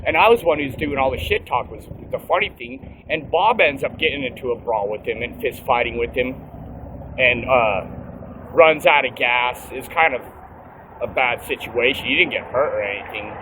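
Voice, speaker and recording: A man's voice: medium pitch, moderate pace, pushed and bright, slight background noise, rough recording. A young man casually telling a rambling, profane anecdote outdoors, recorded on a phone. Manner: rambling, profane, laid-back. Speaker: storyteller.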